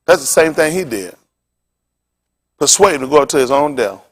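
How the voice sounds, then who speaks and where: A male pastor preaching a sermon in animated, informal street talk, throwing questions back to the congregation. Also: on the high side, moderate pace, faint music behind.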